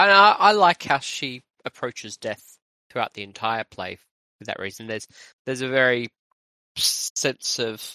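A man co-hosting a podcast in a casual literary discussion, agreeable and chiming in with quick interjections. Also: medium pitch, sharp tone, no room sound, rough recording. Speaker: podcast co-host.

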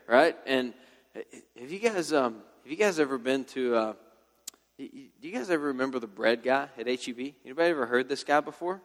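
A young youth pastor preaches a casual, slangy sermon to a youth group, telling the story loosely like a friend. His mid-range voice has lively intonation and moves a little fast. The recording carries a long hall reverb.

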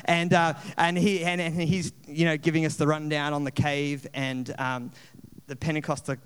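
Man, pastor, humorous conversational sermon, fairly high smooth voice, reverberant church hall. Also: flat delivery, moderate pace. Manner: chatty and humorous, with many restarts. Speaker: location pastor. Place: church auditorium. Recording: long reverb in a large hall.

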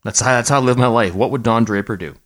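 A middle-aged podcast co-host with a mid-range, fairly bright voice talks fast in a casual chat. He rambles, cracks jokes, and restarts his sentences a lot.

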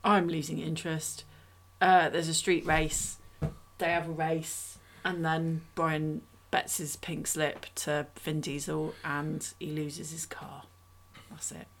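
A woman's voice: low voice, level tone, slow, a little hiss or hum. A woman casually chatting on a podcast, recapping a film in a rambling, self-mocking way. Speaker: podcast co-host reviewing a film. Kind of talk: casual chat.

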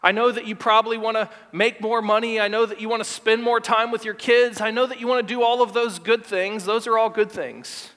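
A male pastor preaching a sermon emphatically, repeating words and slowing to stress key lines. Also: sits high, level tone, a bit bright. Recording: long hall reverb.

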